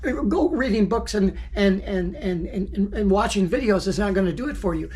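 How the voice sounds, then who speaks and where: A woman explains forex trading in a loose, unscripted teaching monologue. She is blunt and chatty, stumbles into repeated words while gathering her thoughts, and throws in the odd swear word. Her voice sits at a middle pitch for a woman. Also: a little mellow.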